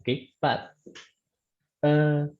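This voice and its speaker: A man's voice: a little high, level tone, drawn-out words, phone-quality sound, soft background music. A man teaching a statics lecture online, hesitant, with many fillers and restarts, often checking in with "okay".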